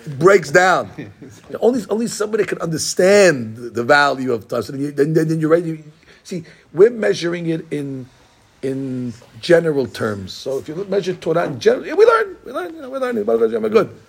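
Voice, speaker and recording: A man's voice: on the high side, sing-song, brisk, gravelly, breathy edge. A middle-aged man, a rabbi, gives an informal Torah class, talking conversationally with digressions and many restarts.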